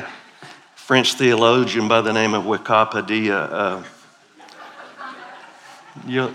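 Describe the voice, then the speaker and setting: As a visiting preacher, this middle-aged man keeps his sermon playful and chatty, drawing call-and-response from the congregation. His fairly low voice sounds pushed and bright.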